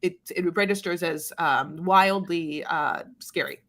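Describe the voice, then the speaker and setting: Bright-voiced rambling woman co-host. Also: on the low side, measured pace. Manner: rambling, many fillers, mimics voices for jokes. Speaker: podcast co-host. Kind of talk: casual recap chat.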